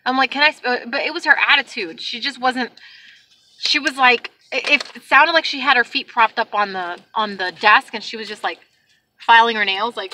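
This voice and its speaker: Bright, high-voiced woman vlogging from her car. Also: fairly quick. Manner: animated, exasperated retelling with acted-out quotes. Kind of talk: casual storytelling to camera.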